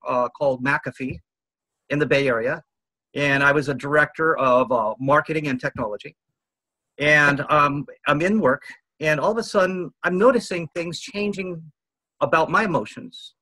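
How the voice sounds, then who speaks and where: Husky, bright-toned man in his fifties. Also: on the high side, no echo, low-quality recording. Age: 50s. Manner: earnest, rambling, quotes others. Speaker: guest. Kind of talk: interview storytelling.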